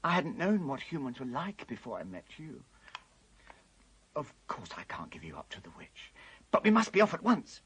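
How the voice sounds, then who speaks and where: A woman's voice: mid-range voice, a bit bright, close to an everyday voice, poor audio. A woman voicing a guilt-ridden, tearful male fawn in an amateur radio play. She talks anxiously and stammers. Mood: hushed, urgent. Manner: anxious, stammering, breaking into sobs.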